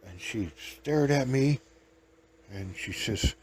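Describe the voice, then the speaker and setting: A man's voice: fairly low pitch, expressive, slow pace, a little mellow, a little hiss or hum. A man hosting a show, telling folksy, rambling comic stories and laughing at his own tales. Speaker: host.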